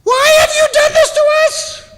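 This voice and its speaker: A man voicing a frantic mother searching for her lost son, shouting in a shrill, panicked way. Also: level tone, moderate pace. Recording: long reverb of a large hall.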